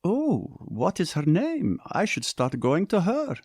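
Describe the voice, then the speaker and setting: A man's voice: sits high, very animated, normal speed, darkish tone, no echo, clean studio sound, pitched above the performer's own voice. A man voicing a playful, coy young woman who teases her family, in a story reading. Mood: teasing. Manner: coy and teasing. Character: playful, teasing young woman, the hero's sister.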